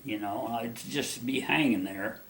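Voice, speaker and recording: Gravelly-voiced man rambling through a tale. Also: mid-range voice, a little slow, fairly bright tone. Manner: rambling folksy storyteller with many restarts. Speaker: interviewee. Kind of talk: telling a personal story.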